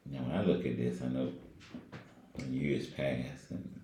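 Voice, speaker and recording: A man's voice: very deep voice, flat delivery, unhurried, warm tone. A man reflecting on scripture in a casual Bible study discussion, with lots of fillers. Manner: rambling, filler-heavy, reflective. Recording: echoey room with faint noise.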